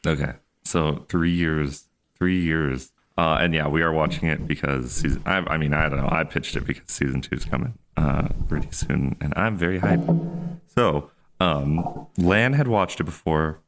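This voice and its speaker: Very deep-voiced male podcast host. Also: moderate pace, a little hiss or hum. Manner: joking, hesitant with fillers and restarts. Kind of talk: casual chat.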